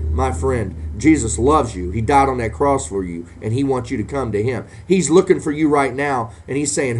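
A man's voice: mid-range voice, darkish tone. A man preaching a sermon, punctuating nearly every phrase with "amen" and swelling into fervent emphasis as he addresses Christians and sinners.

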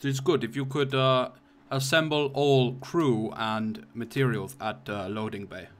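A man's voice: medium pitch, steady tone, unhurried, fairly bright tone, close to an everyday voice. A man putting on a clumsy Russian accent to voice a curt male starship captain in a tabletop game, speaking in broken, clipped English. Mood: clipped formal. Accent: Russian, put on badly.

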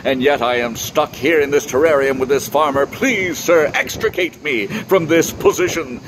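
A man voicing a pompous, theatrical talking frog who pleads in a slow, grand way, recorded outdoors with traffic noise. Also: on the high side, close to an everyday voice. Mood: grandiose.

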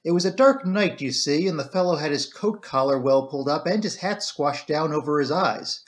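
A man voicing a careful, hesitant doctor who speaks slowly and measuredly in an amateur audiobook reading. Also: fairly high pitch, natural voice.

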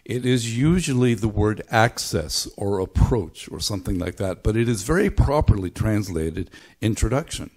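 This Belfast pastor, middle-aged or older, preaches a sermon in church with a low, darkish, expressive voice at normal speed and few pauses. He speaks thoughtfully, though with frequent halts and restarts.

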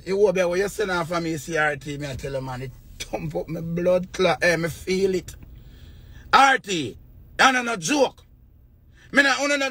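A man's voice: high voice, sharp tone, dry recording. A man with a Jamaican accent, rambling and swearing in a casual rant to his viewers. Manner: rambling, repetitive, swears often.

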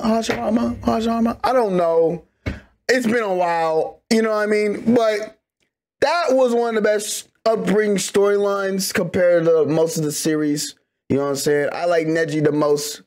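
A young man hosting a reaction video, chatting casually in a rambling, slangy way with laughing asides. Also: high voice. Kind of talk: casual chat.

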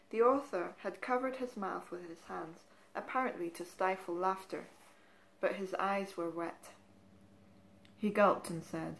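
A woman reading from a novel aloud in a measured, even narrating voice. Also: fairly low pitch, vocal fry. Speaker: reader.

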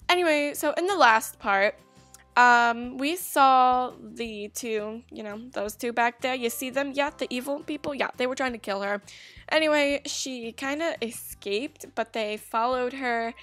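Gaming YouTuber, young woman, high voice, bubbly and chatty, faint game music underneath. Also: a bit bright, no echo. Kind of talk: casual let's-play commentary.

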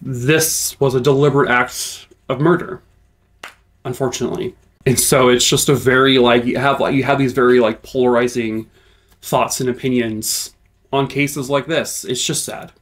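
A young adult man telling a true crime story to camera in a casual, chatty way with filler words, then a quick upbeat sign-off. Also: fairly even intonation. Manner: chatty, with filler words, turns high-pitched and playful in the sign-off.

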